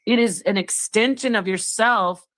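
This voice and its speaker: A woman hosting a livestream, musing in a reflective, expressive way about consciousness and spirit. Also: mid-range voice, a little slow, dry recording. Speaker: live stream host. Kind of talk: casual livestream chat.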